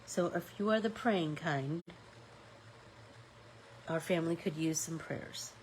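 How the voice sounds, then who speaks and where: Woman, low voice, slow unhurried talk, stuffy nose, chatty art-class host. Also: slight background noise, low-quality recording. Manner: chatty, thinks aloud with fillers, greets viewers. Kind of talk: casual live-stream craft chat.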